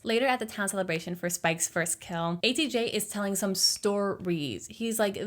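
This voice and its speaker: A woman's voice: mid-range voice, sing-song, moderate pace, few pauses. A young woman giving a casual, jokey movie recap, full of slangy asides.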